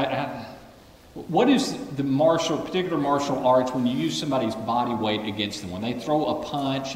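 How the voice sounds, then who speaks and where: A man's voice: mid-range voice, recorded from a distance. Man preaching in an echoing hall. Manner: animated, acts out voices of the story characters. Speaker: pastor. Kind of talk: sermon.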